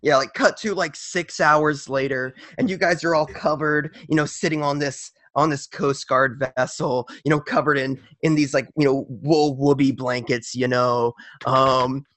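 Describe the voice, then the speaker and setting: A man's voice: medium pitch, steady tone, moderate pace, few pauses, fairly bright tone, dry recording. A man narrating as game master for a tabletop game, casual and rambling with lots of fillers.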